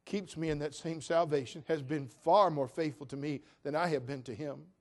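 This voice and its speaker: A man's voice: fairly high pitch, moderate pace, darkish tone. A man preaching a sermon as pastor, telling folksy stories in an earnest, plain-spoken way. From Cherokee. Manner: folksy, earnest, acts out quoted voices. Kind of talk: sermon with storytelling.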